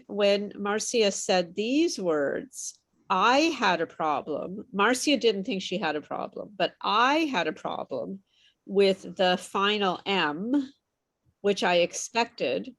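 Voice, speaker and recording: A woman with a medium-pitched, slightly bright voice tutors a small online pronunciation class. She models words and patiently repeats them for the group.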